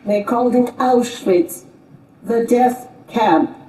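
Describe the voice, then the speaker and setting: A woman narrates a stage play slowly and solemnly in a mellow, darkish voice. She is recorded from a distance in an echoey theatre. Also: fairly high pitch, a little hiss or hum. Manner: slow, grave, measured.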